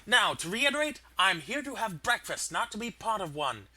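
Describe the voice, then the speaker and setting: A man voicing a pompous, indignant talking egg that speaks loudly and haughtily. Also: high-pitched, very animated, normal speed, breathy edge, voice pushed up, heavily acted. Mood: haughty.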